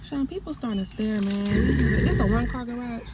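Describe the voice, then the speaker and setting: A woman's voice: fairly high pitch, fairly quick. Exasperated young woman scolding outdoors. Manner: exasperated, scolding, blunt and profane. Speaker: vlogger. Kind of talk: casual prank vlog chat. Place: outdoors on a street. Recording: loud street noise behind the voice.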